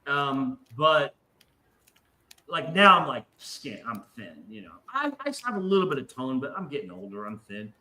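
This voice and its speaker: A man's voice: medium pitch, big pitch swings, moderate pace, bright, forceful tone, rough recording. Rambling, profane man telling stories. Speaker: podcast host. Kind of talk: casual chat.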